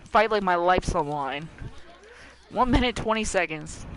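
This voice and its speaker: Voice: mid-range voice, expressive, normal speed, a bit bright, low-quality recording. A game streamer commentating live with playful drama and talking to the characters on screen.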